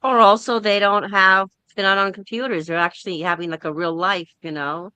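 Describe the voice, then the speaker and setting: A woman's voice: mid-range voice, a little fast, clear, resonant tone, no room sound. A woman hosting a casual group discussion over an online call, telling stories and acting out the people in them. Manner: animated storyteller who acts out quoted people.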